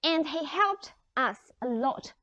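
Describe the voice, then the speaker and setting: A woman's voice: sits high, expressive, slow, bright, forceful tone, dry recording. A woman English teacher leading a lesson, upbeat and encouraging as she asks the class questions. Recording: dry, dull lo-fi sound.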